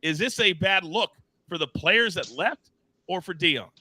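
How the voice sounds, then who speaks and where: A man hosting a live sports betting show, teasing his co-hosts and reading chat in a playful, animated way. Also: high voice, unhurried, dry recording. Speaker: host.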